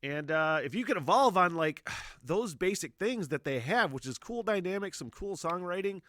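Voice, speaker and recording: A man's voice: sits high, animated, normal speed, fairly bright tone, dry recording, studio quality. A middle-aged man hosting a music reaction video, rambling casually with lots of fillers and swearing.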